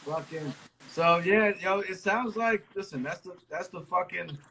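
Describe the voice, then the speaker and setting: A man's voice: high-pitched, measured pace, vocal fry, sharp tone, a little hiss or hum. A man hosting a casual hip-hop conversation, talking bluntly and with emphasis in heavy slang. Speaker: host.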